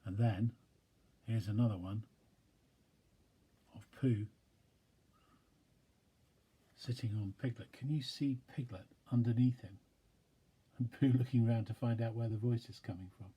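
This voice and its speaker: A man, a pastor, reading a children's storybook aloud with gentle, chatty asides to young listeners. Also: medium pitch, a little slow, pauses often, husky.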